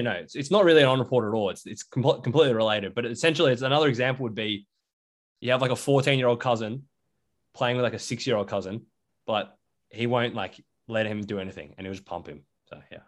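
A young Australian man co-hosting a podcast in casual chat, rambling with lots of fillers. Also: medium pitch. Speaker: podcast co-host.

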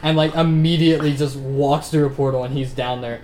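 A game master narrating a tabletop game in a relaxed, filler-heavy way. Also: mid-range voice, fairly quick, very noisy.

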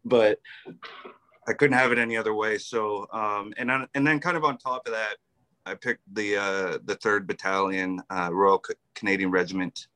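Male podcast guest, low-pitched, bright tone, chatty storyteller, loose and laughing. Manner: rambling, many fillers and restarts, laughs often. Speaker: podcast guest, army veteran. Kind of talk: casual storytelling interview.

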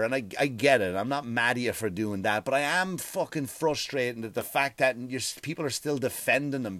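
A man's voice: mid-range voice, dry recording. A man, a comedian hosting his own show, delivering a heated, profane solo rant with lots of repeated words. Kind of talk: ranting solo monologue.

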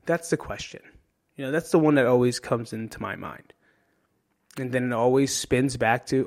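A man hosting a podcast in a casual monologue, animated and swearing freely as he jumps between tangents. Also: medium pitch, moderate pace. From New Jersey. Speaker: podcast host.

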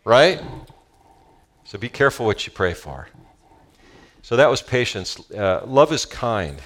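A man preaching a sermon as pastor, animated and calling out to the congregation, then reading a story aloud with feeling. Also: low-pitched, moderate pace, pauses often. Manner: animated, calls for audience responses.

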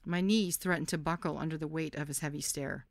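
A woman hosting a podcast reads her own memoir in a candid, lively storytelling manner. Her voice sits low, and the recording is dry and close with no room sound. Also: fairly quick, no room sound. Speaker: podcast host. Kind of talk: first-person memoir narration.

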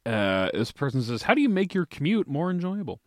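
A man's voice: on the high side, big pitch swings, a little fast, no room sound. A man co-hosting a podcast, reading listener questions and cracking dry, sarcastic jokes. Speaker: podcast co-host. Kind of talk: casual chat.

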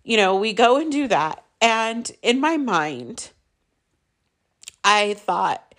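A young woman, a mother, telling her own painful story candidly, halting often with fillers and restarts. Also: mid-range voice, very animated, a bit bright. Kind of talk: emotional personal storytelling.

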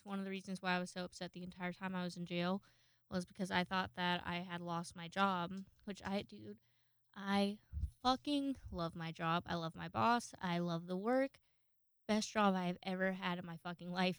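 A woman's voice: mid-range voice, smooth, no echo. A young woman hosting a casual solo podcast, rambling and swearing with self-deprecating laughs and restarts. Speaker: podcast host.

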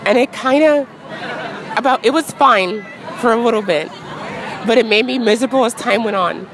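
A woman in her thirties talks openly and chattily, filling her sentences with "like" and easy laughs. Her voice sits a little high, and the murmur of a crowd carries behind her on an outdoor city street. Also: normal speed, noisy background. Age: 30s. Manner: frank, chatty, peppered with "like" and laughs. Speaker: interview guest. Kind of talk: candid street interview.

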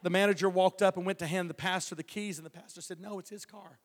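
A man's voice: high-pitched, steady tone, fast. Folksy preacher man in a hall. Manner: folksy storytelling, stammering restarts, chuckles. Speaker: evangelist. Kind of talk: preaching a testimony. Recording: long hall reverb.

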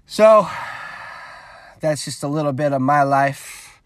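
A man's voice: on the high side, slow pace, no room sound. A young man telling a rambling, profane story in a casual vlog, acting out the dialogue. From California. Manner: rambling, profane, animated retelling with quoted dialogue. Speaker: vlogger.

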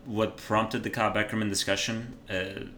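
A man's voice: fairly low pitch, level tone, moderate pace, fairly bright tone, slight background noise. A man co-hosting a casual sports podcast, laid-back and wry, often backing up his co-host.

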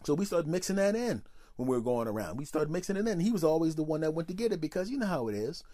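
A man hosting a podcast, telling a story as a comedic monologue, animated and profane, acting out the people in his stories. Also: on the high side, quick pace, dry recording, clean studio sound. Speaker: podcast host.

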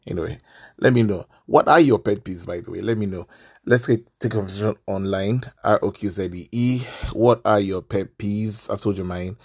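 A man, hosting a casual podcast and ranting in an animated, exasperated way. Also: fairly low pitch, gravelly, breathy edge.

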